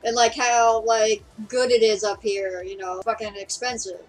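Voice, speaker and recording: Young woman from seattle rambling on, kinda high voice, faint music under it. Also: little pitch movement, normal speed, low-quality recording. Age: young adult. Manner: rambling, filler-heavy, lots of swearing. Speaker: podcast co-host. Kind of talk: casual chat.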